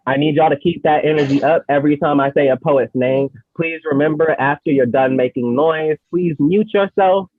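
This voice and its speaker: Tinny, lo-fi video-call audio carries a man at home who casually hosts a poetry slam and performs a poem, playful, slangy, and quick to laugh. His voice is a little high, at normal speed with few pauses.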